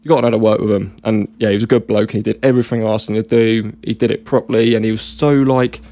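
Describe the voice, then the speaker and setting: Swearing English bloke telling stories. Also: male voice, lowish voice, fairly even intonation, fast, warm tone, dry recording. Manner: swearing, rambling, laughs often. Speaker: podcast guest and regular. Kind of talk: casual storytelling chat.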